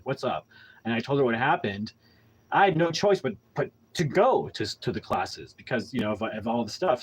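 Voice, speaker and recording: A man's voice: medium pitch, rough recording. A young adult man hosting a podcast, telling a personal story casually with frequent restarts and blunt profanity. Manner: candid storytelling with heavy profanity; rambling with frequent restarts and fillers. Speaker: podcast host. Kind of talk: casual monologue.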